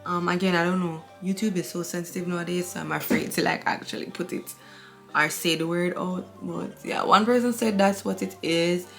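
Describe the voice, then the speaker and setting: Gravelly-voiced young woman chatting candidly. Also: fairly low pitch, fairly even intonation, normal speed, fairly bright tone, faint music behind. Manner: candid, rambling, confiding. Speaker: beauty vlogger. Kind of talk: casual chat while getting ready.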